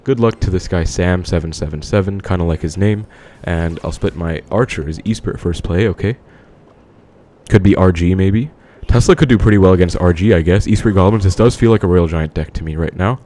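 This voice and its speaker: Deep-voiced man commentating his own gameplay. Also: warm tone. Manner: casual, thinking aloud, quick asides to viewers. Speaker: gaming commentator.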